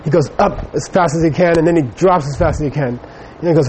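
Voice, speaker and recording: A man's voice: a little high, expressive, fast, few pauses, darkish tone, a little hiss or hum, low-quality recording. A middle-aged man giving a Buddhist teaching, telling a personal story in a rambling way with many fillers. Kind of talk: dharma talk with personal anecdote.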